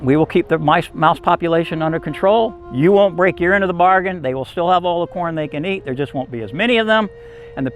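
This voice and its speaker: A man's voice: a little high, close to an everyday voice, rough recording. A man voicing a male snake who offers to help the village in a reassuring, persuasive way. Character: helpful male snake speaking for his family.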